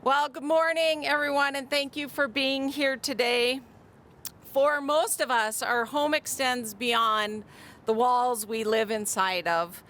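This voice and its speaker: A woman's voice: high voice, fairly even intonation, slow pace, a bit bright. A woman from Minnesota, a city mayor, giving a composed, prepared speech at an outdoor event. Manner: composed, formal after a joking opening.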